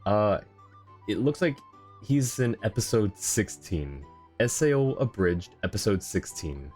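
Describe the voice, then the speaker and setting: A man's voice: fairly low pitch, expressive, a little slow, a little mellow, faint music behind. A man streaming a game, chatting casually with viewers, rambling and laughing often. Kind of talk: casual live-stream chat.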